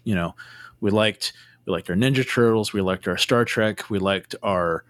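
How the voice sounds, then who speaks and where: An easygoing man with a fairly low voice hosts a podcast and chats casually with his guest. He teases a little and rambles with fillers. The recording is dry and close to the mic. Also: normal speed, a bit bright, no room sound. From California. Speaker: podcast host. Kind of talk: casual interview chat.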